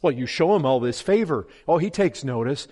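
A man preaching a sermon with fervor, swinging from hushed pleading to loud, impassioned calls. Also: fairly high pitch, lively intonation, normal speed, husky. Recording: long hall reverb.

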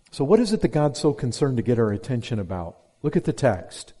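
A man preaching an expository sermon to a congregation, emphatic and direct, repeating key words and dropping low and slow for stress. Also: very animated. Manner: emphatic, swings between loud stress and low slow drops. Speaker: pastor.

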